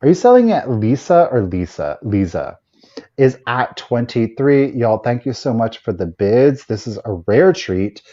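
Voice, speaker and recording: A man's voice: medium pitch, sing-song, measured pace, mellow, highs cut off. A man hosting a live vintage sale, chatting enthusiastically as he shows items and runs the bidding. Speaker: live auction seller.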